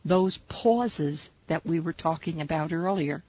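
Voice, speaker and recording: A woman teaching a spiritual meditation, guiding listeners in slow, measured, soothing instructions. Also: low voice, darkish tone, husky, no echo. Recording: dull lo-fi recording.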